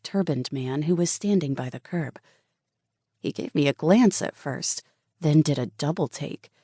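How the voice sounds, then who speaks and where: A woman's voice: low voice, warm tone, no room sound, clean studio sound. A woman narrating a first-person romance audiobook in an earnest, intimate way.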